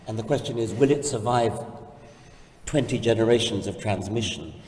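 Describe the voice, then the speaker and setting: A man with a low, dark voice lays out his point carefully and precisely in a public onstage discussion. He sounds set back from the microphone, with long reverb from a large hall around him. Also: slight background noise. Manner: measured, explanatory, precise phrasing. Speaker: public conversation speaker. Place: large hall, in front of an audience. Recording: roomy hall, distant mic.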